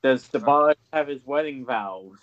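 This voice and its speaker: A man's voice: medium pitch, unhurried. A man narrating as game master in a tabletop game, in a matter-of-fact way. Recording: dull lo-fi dry mic.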